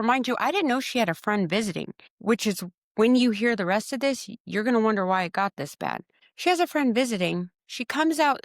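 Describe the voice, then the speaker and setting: A woman tells a painful personal story as a podcast guest, her voice sitting a little high. She speaks with raw emotion, voicing her own past lines with force and stumbling over repeated words. The recording is close and dry, with no room sound. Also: no room sound. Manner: animated, acts out her own quotes with a raised voice.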